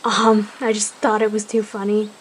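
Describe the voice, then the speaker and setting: A woman softly narrating a casual animal roleplay story and chatting to viewers. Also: medium pitch, completely flat delivery, moderate pace, a little hiss or hum. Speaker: storyteller and video creator.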